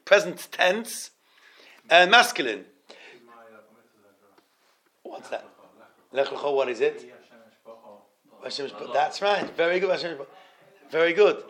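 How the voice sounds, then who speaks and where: Halting, high-voiced man teaching Torah. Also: bright, forceful tone. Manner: halting, repeats words, asks the class questions; mixes Hebrew terms into English. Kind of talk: informal Torah class.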